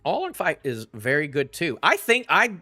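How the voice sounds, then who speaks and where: Excitable high-voiced young man ranting. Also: normal speed, soft background music. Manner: rambling and excitable, stumbling restarts, swears. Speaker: streamer reacting to a manga chapter. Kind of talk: live reaction rant, casual.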